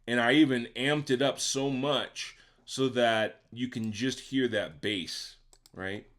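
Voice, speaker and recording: A man's voice: mid-range voice, slow, fairly bright tone. A man producer explaining how he built a beat, in a casual step-by-step tutorial that keeps checking in with the listener. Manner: conversational, checks in with the viewer by asking "right?". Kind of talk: casual software tutorial walkthrough.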